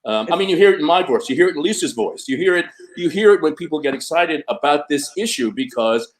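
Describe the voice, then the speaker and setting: A man in his seventies in casual panel conversation, thoughtful and measured with hesitant fillers. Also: on the high side, animated, slight background noise. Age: 70s. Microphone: video call.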